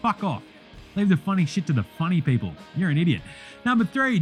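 A young Australian man hosting a basketball podcast, ranting bluntly and swearing often. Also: high voice. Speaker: podcast host. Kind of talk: profane basketball commentary.

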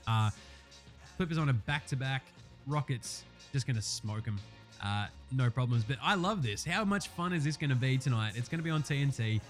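A man's voice: medium pitch, expressive, normal speed, faint music behind. A man hosting a casual sports picks show, swearing freely and getting heated as he calls each game. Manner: profane, fired-up, ranting. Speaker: sports podcast host.

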